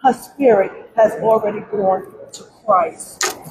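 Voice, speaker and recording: At a press conference, a grieving middle-aged grandmother pleads through tears, repeating her words again and again. She speaks slowly in a mid-range voice, and the rough recording carries crowd noise around her.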